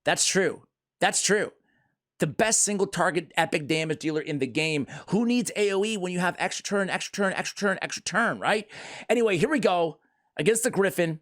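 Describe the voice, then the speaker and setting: Man, gaming video host, upbeat casual commentary, slightly high voice, jokey and excitable. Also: normal speed. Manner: excitable, jokey, self-mocking.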